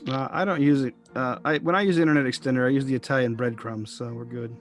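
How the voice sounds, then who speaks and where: A man plays a tabletop game over an online call. His humor is dry and sarcastic. Soft music lingers faintly behind. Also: medium pitch, fairly even intonation, fast. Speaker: player. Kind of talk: casual chat during a tabletop game.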